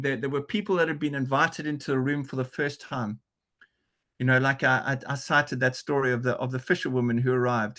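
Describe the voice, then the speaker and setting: A man's voice: mid-range voice, fairly bright tone. Brief South African man, podcast guest, mid-range voice, earnest storyteller who restarts sentences a lot. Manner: earnest, restless, full of restarts and repeated words. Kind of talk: conversational storytelling.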